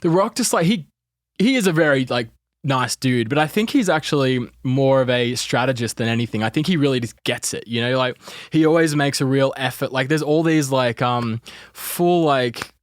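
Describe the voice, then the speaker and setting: A man's voice: mid-range voice, normal speed, no echo, studio quality. A man with an Australian accent, chatting casually on a podcast as a guest, rambling and full of fillers. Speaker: entertainment reporter guest.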